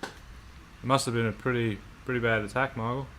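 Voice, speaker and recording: An Australian man chatting casually on a livestream, laid-back and quick to swear. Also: medium pitch, fairly even intonation, fairly bright tone, slight background noise. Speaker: livestream co-host.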